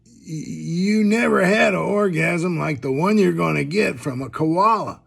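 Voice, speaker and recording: A man's voice: a little high, measured pace, exaggerated voice. A man voicing a smug male koala who sweet-talks a woman in a bar joke. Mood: smooth. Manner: cocky, smooth-talking. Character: smug male koala, cocky barroom charmer.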